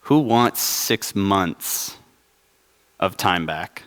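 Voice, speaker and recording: A man's voice: sits low, animated, extremely slow, a bit bright, long reverb tail. A young adult man preaching a conversational sermon at a church service, joking and asking the congregation questions. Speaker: pastor.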